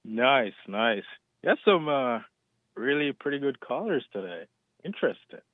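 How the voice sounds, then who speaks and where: Caller from Canada on a tinny phone line. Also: male voice, mid-range voice, very animated, normal speed, no echo. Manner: hesitant, laid-back, chuckling. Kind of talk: phone call-in chat.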